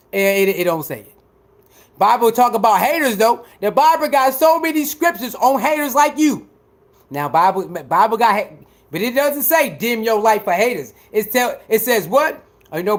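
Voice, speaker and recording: Man, livestream commentary, very high pitch, animated, emphatic. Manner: animated, talks back to viewers, emphatic. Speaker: livestreamer reacting to chat.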